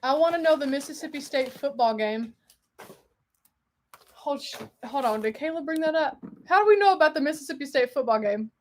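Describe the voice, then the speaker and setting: Excitable high-voiced woman streamer. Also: fairly quick. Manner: excitable, exclamatory, chatty. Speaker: livestream host. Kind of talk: casual livestream chat.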